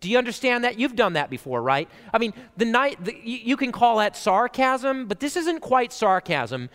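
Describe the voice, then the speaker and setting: Lively high-voiced male pastor, echoing hall. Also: moderate pace. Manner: animated and chatty, with frequent "like" and "right?" asides. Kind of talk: conversational sermon. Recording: reverberant church hall.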